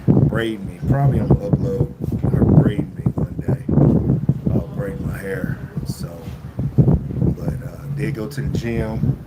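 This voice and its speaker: Rambling man, lowish voice, noisy phone stream. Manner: rambling, halting, with many fillers and restarts. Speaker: vlogger livestreaming. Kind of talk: casual live-stream chat. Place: indoors at a lodging while traveling. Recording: loud background noise.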